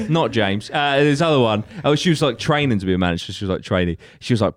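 A young man telling a story on a podcast, animated and sweary, laughing often. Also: medium pitch, fast, few pauses. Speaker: podcast co-host. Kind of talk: casual storytelling chat.

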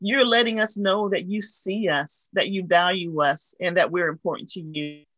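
A woman guest speaks with a bright, clear tone, recorded close and dry. She tells a personal story in an earnest, heartfelt way, as a guest on a talk show. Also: fairly low pitch, steady tone, moderate pace, no echo, rough recording.

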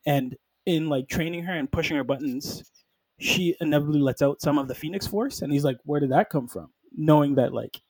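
A man with a warm, mellow voice, recorded dry and close. He chats casually about comics, sprinkling in "like" and jumping into quick acted-out quotes from the characters. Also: a little high, husky, no echo, low-quality recording. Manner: animated storytelling, acting out characters in quick quoted lines; peppers speech with "like". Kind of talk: casual comic book chat.

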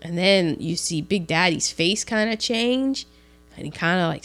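A woman in casual chat, retelling a film with animated, acted-out lines for the characters. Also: measured pace, soft background music. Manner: animated, acts out characters with big pitch jumps.

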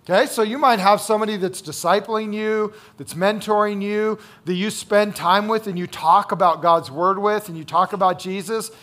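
High-voiced male pastor preaching. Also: steady tone, normal speed, few pauses, a bit bright. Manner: conversational, checks in with "right?" and "okay?"; repeats key phrases for emphasis. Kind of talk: sermon.

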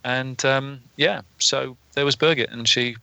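A man with a bright, clear voice chats about his travels in a relaxed group conversation. He tells his stories loosely and laughs often. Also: medium pitch, a little slow, dry recording. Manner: chatty storyteller, laughs often. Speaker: podcast guest, motorcycle traveller. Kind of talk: casual group chat on a call.

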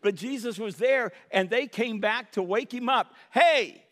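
A man's voice: sits high, moderate pace, fairly bright tone. A middle-aged male pastor preaching a sermon in a church, building to impassioned cries with wry humorous asides. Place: church sanctuary. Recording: long hall reverb.

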